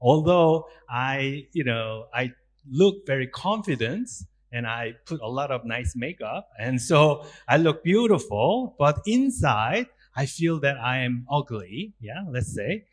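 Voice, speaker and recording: A man's voice: medium pitch, measured pace. A man with a Korean accent, a Buddhist monk giving a public talk, asking his listeners questions and acting out little quotes. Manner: animated, asks the audience questions, acts out quotes.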